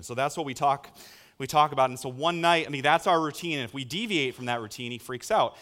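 A man in his thirties preaching a sermon as a pastor, telling stories with sudden loud bursts. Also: mid-range voice.

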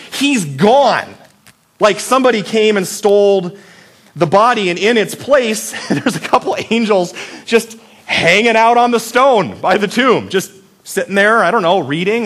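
A male pastor preaches in a relaxed, conversational way, slipping in jokes and asides. His voice sits a touch higher than most men's. He keeps checking in with his listeners and asking them questions to ponder. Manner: asks the audience reflective questions. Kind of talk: casual Easter sermon.

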